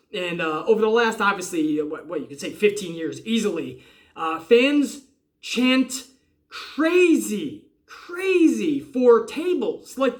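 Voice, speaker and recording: A man in his forties or older giving a casual wrestling review, excitable and rambling, swearing freely. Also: extremely high pitch. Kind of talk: casual profane review rant.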